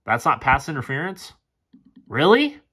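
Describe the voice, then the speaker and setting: A man's voice: medium pitch, wildly swooping pitch, normal speed, sharp tone, breathy edge. A man casually breaking down football game film, frustrated and sarcastic and swearing often. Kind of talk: casual play-by-play film commentary.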